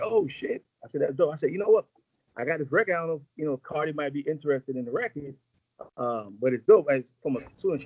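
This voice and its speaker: A man's voice: mid-range voice, slightly rough, no echo, lo-fi sound. A man in a casual interview, telling long rambling stories full of slang and acted-out quotes. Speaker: music executive guest.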